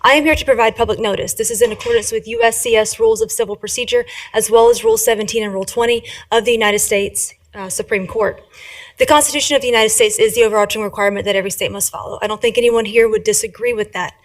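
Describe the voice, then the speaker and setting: A woman giving prepared public comment at a county meeting, speaking quickly in a formal, legalistic way. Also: a little high. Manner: fast, formal, legalistic delivery.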